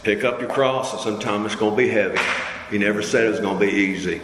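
In a church hall, a man preaches a sermon in a casual, conversational way, leading the congregation in call-and-response. He talks fast, and his pitch climbs high when he gets fired up. The hall echoes with long reverb over heavy background noise.

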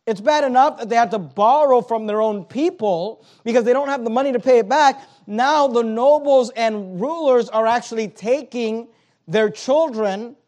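A man's voice: extremely high pitch, darkish tone. A man preaching a sermon, reading scripture aloud and building it up with rising emphasis. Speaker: pastor.

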